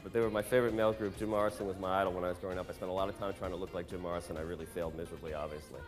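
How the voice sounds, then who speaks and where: A male songwriter and producer speaking in a quick, wry, candid monologue with a fairly low voice. His phrases sink and fade at the ends. A long room reverb hangs on his words, with faint music underneath. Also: fairly even intonation.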